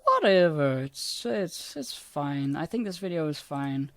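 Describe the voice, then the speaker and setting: A man casually rambling about his own old videos, self-deprecating and swearing often, with a somewhat squeaky voice. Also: lively intonation, unhurried, no echo, studio quality.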